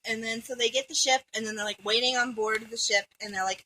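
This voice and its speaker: Bright-voiced young woman rambling through a story. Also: a little high, a little fast, hardly any pauses, slight background noise, poor audio. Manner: rambling and irreverent, with swearing and frequent fillers. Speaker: storyteller among friends. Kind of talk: casual comedic plot retelling.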